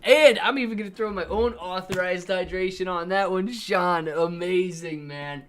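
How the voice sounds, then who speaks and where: Young male streamer, higher-pitched, excitable, breathless market hype. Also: normal speed, a little hiss or hum. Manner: hyped, thanks viewers by name. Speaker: live stream host. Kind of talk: live stream chat and market commentary.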